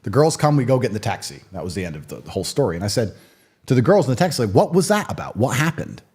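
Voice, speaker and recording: In a sit-down interview, a guest in his thirties tells stories and voices opinions in an emphatic, blunt, provocative manner. He talks very fast in a lowish, sing-song voice that's a little mellow and slightly rough.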